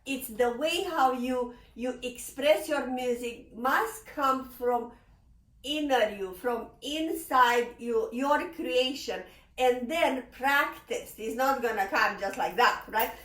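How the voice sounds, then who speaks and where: Slow-talking piano teacher woman in an echoey room. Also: a little high, recorded from a distance. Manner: expressive, sings phrases, laughs often. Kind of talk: piano lesson explanation. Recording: roomy echo, slightly off-mic. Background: piano playing.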